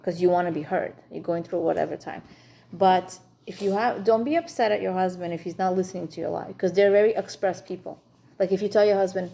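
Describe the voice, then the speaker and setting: A woman leads an informal class for women, speaking in a chatty, frank, teacherly way with flashes of humor. Her voice sits low and sounds mellow, and a faint hiss runs under the recording. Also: brisk, vocal fry.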